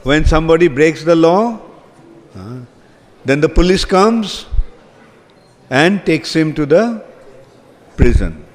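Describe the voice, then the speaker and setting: This sermon comes from a man acting as a spiritual teacher, his fairly high voice swinging widely in pitch. He talks at an unhurried pace and keeps asking his listeners questions, while long hall reverb and faint background ambience fill the recording.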